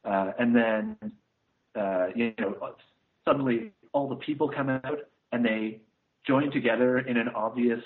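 Man, casual podcast chat, scathing rambling reviewer, mid-pitched voice, narrow phone-line sound. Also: expressive, measured pace. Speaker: podcast co-host reviewing films.

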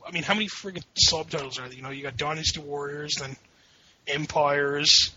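A teasing, foul-mouthed male podcast co-host with a very bright, sharp voice pitched a bit high. The sound is dull and lo-fi. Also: steady tone, a little fast, a little hiss or hum. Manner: joking, profane, teasing. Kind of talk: casual podcast banter.

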